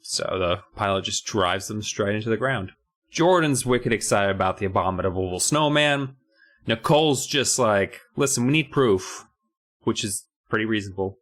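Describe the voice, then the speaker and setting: A man's voice: on the low side, moderate pace. A man casually and sarcastically recapping a children's book on a podcast, swearing often. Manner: profane, animated, sarcastic retelling. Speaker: podcast co-host.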